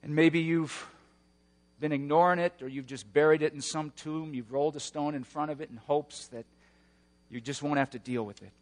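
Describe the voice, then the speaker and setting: Dynamic male preacher, fairly high voice. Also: fairly even intonation, normal speed, long reverb tail. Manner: dynamic preaching, swings from hushed to shouting. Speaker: pastor. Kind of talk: sermon.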